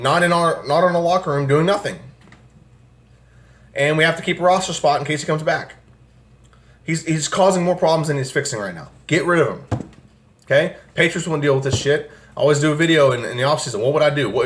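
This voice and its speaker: This ranting sports vlog features a young fan-channel host whose mid-range voice is fairly bright, swearing angrily and exasperatedly about his football team. He records from a room at home where an air conditioner runs.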